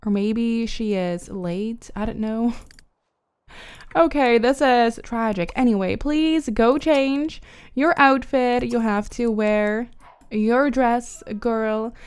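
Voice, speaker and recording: A woman's voice: fairly high pitch, slow, clean tone. A woman giving chatty, giggly commentary as she plays a life-simulation game and talks to her characters. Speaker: gaming YouTuber. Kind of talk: casual let's-play commentary.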